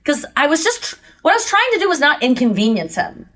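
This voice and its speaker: Woman host just chatting on her podcast, animated, does little voices for people in her stories, laughs a lot. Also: high voice, fast talker. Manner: animated storytelling, acts out people's lines; laughs often while talking. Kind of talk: casual chat.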